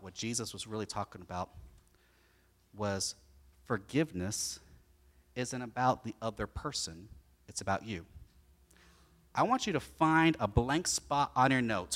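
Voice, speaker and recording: A man preaching a sermon as pastor, animated and acting out the story as he goes. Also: on the high side. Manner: animated, acts out the story in voices.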